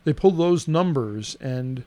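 A man co-hosting a podcast in casual chat, reading a story aloud in a halting way, with fillers and teasing asides. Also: mid-range voice, animated, warm tone.

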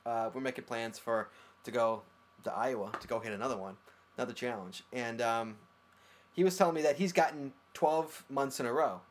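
A man co-hosting a casual podcast, rambling and animated, swearing now and then. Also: mid-range voice, normal speed, slight background noise. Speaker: podcast co-host. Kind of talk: casual chat.

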